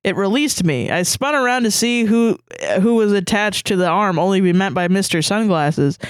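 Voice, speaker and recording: A woman's voice: mid-range voice, normal speed, clean tone, no room sound, clean studio sound. A woman co-hosting a comedy podcast, reading a fanfiction story aloud with playful asides. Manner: reads with playful asides and laughs. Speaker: podcast co-host.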